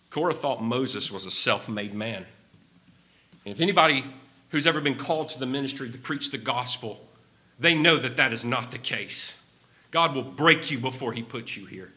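A man's voice: mid-range voice, expressive, moderate pace, bright, forceful tone. A man preaching a sermon with emphasis, repeating key phrases and sometimes wandering off his notes. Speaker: pastor.

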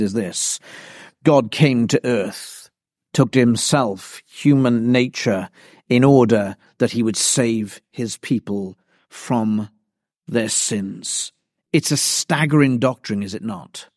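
Slow, emphatic male preacher. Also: a little high, a little mellow, no echo, clean studio sound. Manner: slow, emphatic, deliberate preaching with repeated phrases. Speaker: pastor. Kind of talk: sermon.

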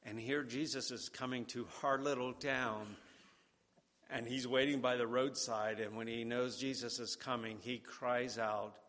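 A man preaching a sermon, deliberate and emphatic, repeating key words for weight. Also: medium pitch, a bit bright. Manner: slow and deliberate, with emphatic repetition. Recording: long hall reverb.

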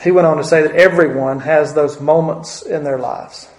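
A man's voice: a little high, steady tone, normal speed, darkish tone. A man preaching a sermon in a church, talking earnestly with folksy asides and repeated phrases for emphasis. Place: church sanctuary. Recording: roomy church reverb.

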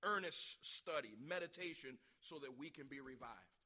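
A man preaching a revival sermon with passion, asking the congregation questions and breaking into loud shouts. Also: medium pitch, expressive, moderate pace.

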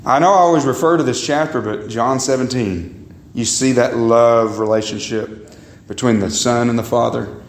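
A man's voice: moderate pace, echoey room. A man preaching a sermon as pastor, emphatic, repeating words and calling the congregation "guys" and "beloved". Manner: emphatic, swings pitch high and low, repeats words. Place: church sanctuary.

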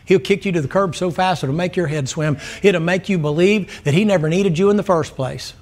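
A man preaching a sermon in a Southern American accent, his voice sitting a little higher than most men's. He talks in a folksy, blunt, fervent way and keeps throwing rhetorical questions at the congregation. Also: a little fast, a little mellow. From Southern United States.

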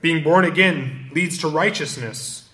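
Unhurried and a bit bright, this slightly high male voice belongs to a pastor delivering expository preaching. He cites passages of scripture, goes back over them, and unpacks each one.

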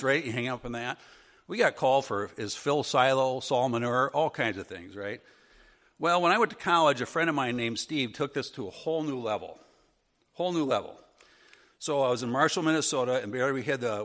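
Folksy Wisconsin man in a reverberant hall. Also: medium pitch. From northern Wisconsin. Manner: folksy, animated, acts out funny voices. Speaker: Sunday school teacher. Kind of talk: storytelling lesson.

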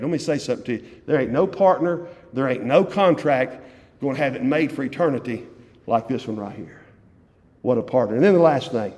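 Fervent pastor preaching. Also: male voice, mid-range voice, lively intonation, brisk. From West Virginia, USA. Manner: fervent, repeats key phrases, swings from loud to hushed. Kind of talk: evening sermon. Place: church sanctuary. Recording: long church hall reverb.

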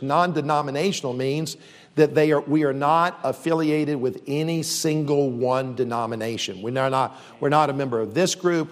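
A man who leads a university, speaking earnestly and steadily to a church audience, with frequent fillers and restarts. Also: medium pitch. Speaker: university leader. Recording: long reverb.

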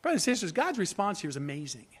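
A man's voice: high voice, very animated, racing, husky. A male pastor preaching a sermon, reading scripture aloud, then explaining it with rhetorical questions and rising emphasis.

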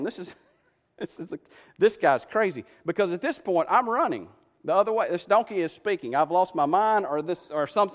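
Folksy preacher in a big hall. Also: male voice, high-pitched, animated, moderate pace. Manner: folksy storytelling preacher, swings from loud to hushed. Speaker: pastor. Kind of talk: sermon.

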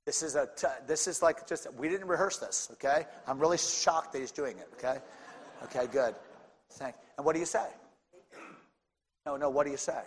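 A male pastor preaching a sermon, swinging from casual talk with the congregation to fervent shouting. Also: fairly high pitch, moderate pace, husky. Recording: long hall reverb.

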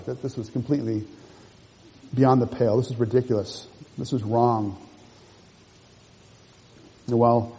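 A pastor with a mid-range, steady, warm voice that is slightly rough preaches a sermon, taking a passage verse by verse and explaining it to the congregation. His delivery is measured and expository, and he rereads verses as he explains them. The recording is rough, with a long reverb tail.

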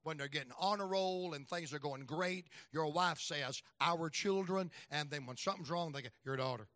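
A middle-aged man preaching a sermon as an evangelist, telling folksy stories and acting out voices, swinging from loud to soft. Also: on the high side, fairly quick, no room sound.

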